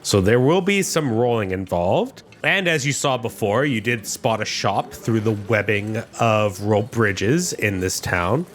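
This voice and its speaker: Lively, playful man running a game. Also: fairly low pitch, a little slow, few pauses. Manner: playful, laughs often. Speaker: game master. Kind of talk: narrating a tabletop game.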